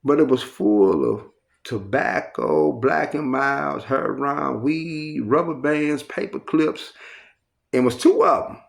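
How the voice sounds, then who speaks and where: A man's voice: mid-range voice, takes it slowly, creaky. A man telling a long, rambling, profanity-heavy story in a casual spoken style, acting out what others said along the way. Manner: profane, rambling, animated retelling.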